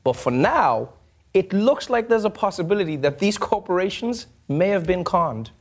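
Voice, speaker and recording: A man's voice: high-pitched, sing-song, normal speed. A man hosting a late-night comedy show, delivering a satirical monologue in a wry, punchline-driven way. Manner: wry, punchline-driven, laughs between jokes.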